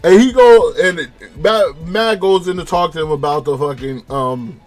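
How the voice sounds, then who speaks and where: A man's voice: on the high side, normal speed. A young man from California giving a rambling, profanity-heavy casual review of a TV episode. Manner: profane, rambling, animated retelling. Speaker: show reviewer.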